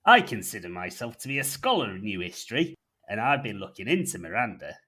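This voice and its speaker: A man voicing a gruff male space janitor in an attempted North Yorkshire accent, blustering and conspiratorial. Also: lowish voice, sing-song, brisk, pushed and bright, exaggerated voice. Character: gruff surly male jizz mopper in space.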